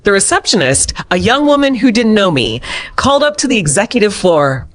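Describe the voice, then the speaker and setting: A woman narrating a scripted first-person drama story in a steady storytelling manner. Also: medium pitch, fairly quick.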